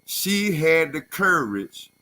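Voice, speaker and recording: Bright, emphatic male talk-show co-host. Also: a little high, sing-song, slow pace. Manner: earnest, emphatic.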